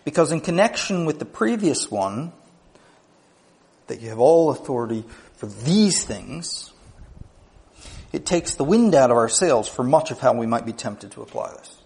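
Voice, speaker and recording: A man's voice: medium pitch, sing-song, normal speed, vocal fry, pauses often, a little mellow. Man preaching a structured sermon. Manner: teaching in numbered points, building to emphatic peaks. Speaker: pastor.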